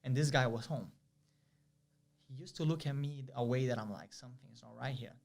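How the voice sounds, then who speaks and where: A young man from Brazil, telling a story as an interview guest in a lively, vivid way with many fillers. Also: mid-range voice, normal speed. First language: Portuguese. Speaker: guest, pro soccer player.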